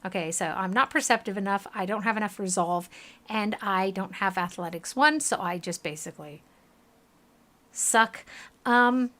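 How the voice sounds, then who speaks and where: A woman's voice: medium pitch, normal speed, bright, forceful tone. A tired woman with a Southern US accent, chatting casually to her stream while playing and reading game text aloud.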